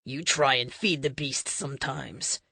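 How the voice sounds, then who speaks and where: A woman voicing a brash young male speedster with a Boston accent, joking in a lower, gruff way. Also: very animated, moderate pace, fairly bright tone, no echo, studio quality.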